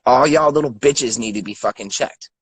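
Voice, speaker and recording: Husky-voiced man, thirties, furious stammering rant. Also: medium pitch, moderate pace, no room sound, low-quality recording. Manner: angry, profane, stammering repeats. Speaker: guest. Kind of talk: angry rant.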